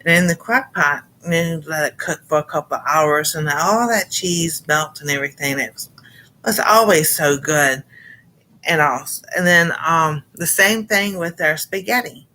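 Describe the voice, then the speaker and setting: A woman's voice: low voice, normal speed, bright, forceful tone, slight background noise. A middle-aged woman chatting casually and rambling to viewers on a cooking livestream, greeting them and laughing often. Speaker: cooking channel host.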